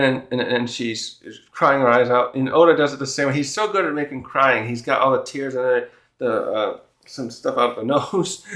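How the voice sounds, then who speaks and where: A man hosts a casual chapter review and thinks aloud as he goes. He retells the characters' dialogue in his own words, at a middle pitch. His voice carries a roomy echo. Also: a bit bright. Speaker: manga reviewer and channel host.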